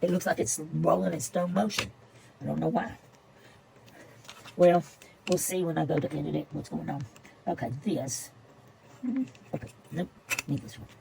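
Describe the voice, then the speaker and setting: An older woman spins a chatty, meandering story at her craft table. Her voice sits low and carries a gravelly fry. A soft hiss runs under the recording. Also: steady tone, moderate pace, pauses often, low-quality recording. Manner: rambling, chatty, repeats herself. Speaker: paper-craft vlogger. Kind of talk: casual storytelling while crafting.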